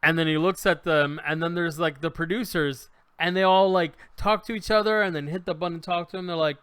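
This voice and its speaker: Here a man with a slightly high voice talks briskly, hardly pausing, in a smooth tone with no room sound. He's a podcast co-host reviewing a comedy show in casual chat, performing the quotes and restarting his sentences many times as he tells it with animation.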